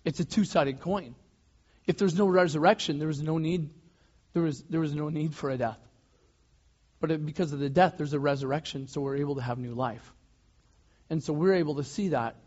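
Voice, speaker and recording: Male pastor, slightly high voice, relaxed conversational sermon delivery, dull lo-fi recording. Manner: conversational, loose preaching with restarts and soft laughs. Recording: dull lo-fi sound.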